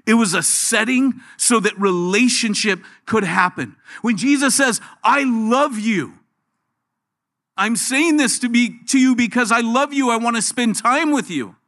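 A middle-aged man preaching a sermon, animated, dropping his voice low and soft when he quotes. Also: normal speed, few pauses. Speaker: pastor.

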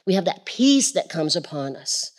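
A woman preaching a Pentecostal sermon, expressive, swinging from shouts to quiet asides. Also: on the low side, normal speed.

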